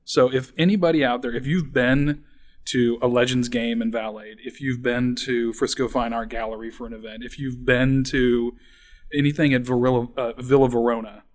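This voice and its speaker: A man's voice: mid-range voice, fairly even intonation, moderate pace. A man hosting a podcast, chatting casually and joking with his guest. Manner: friendly, joking. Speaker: podcast host. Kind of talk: casual interview.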